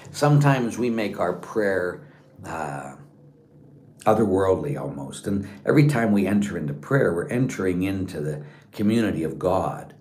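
A man, a Catholic priest, giving an informal spiritual talk in an earnest, conversational way, often sinking to a hushed voice. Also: deep voice. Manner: earnest and conversational, dropping to a hushed tone in reflective passages.

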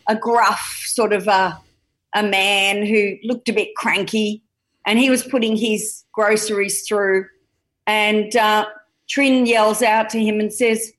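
A middle-aged Australian woman recounting a family story as an interview guest. She tells it in a lively, anecdotal way, building up to the punchline with an easy conversational flow. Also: mid-range voice, takes it slowly. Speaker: guest's mother.

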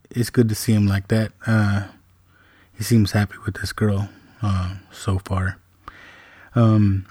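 A middle-aged man, a podcast host, telling a family story in a relaxed, rambling way with many fillers. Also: lowish voice, no room sound, clean studio sound. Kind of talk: casual storytelling.

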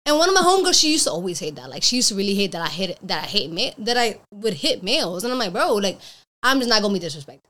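A young woman, a podcast guest, chatting casually and acting out quoted lines in animated stories, laughing often. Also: medium pitch, racing. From Cuban family background. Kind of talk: casual chat.

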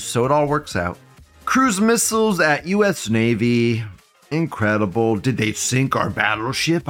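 American male show host, mid-pitched, foul-mouthed and sarcastic, over a faint music bed. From United States. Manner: crude, swearing, jokey, sarcastic; jumps between mumbling asides and loud outbursts. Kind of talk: casual commentary reading viewer comments.

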